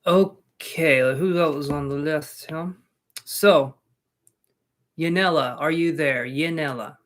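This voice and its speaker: A man's voice: on the high side, slow pace, a bit bright. A man giving live-stream tarot readings, talking casually to his viewers with joking asides. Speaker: tarot reader.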